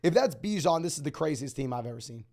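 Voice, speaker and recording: A young man hosting a live stream, answering viewer questions in a rapid, auctioneer-like delivery. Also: fairly high pitch, lively intonation, a little mellow. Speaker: fantasy football host.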